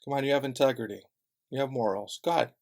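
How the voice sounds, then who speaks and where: A man's voice: mid-range voice, fast talker, vocal fry, a little mellow. A man from Chicago delivering a heated, sarcastic, profane rant straight to camera. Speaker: vlogger.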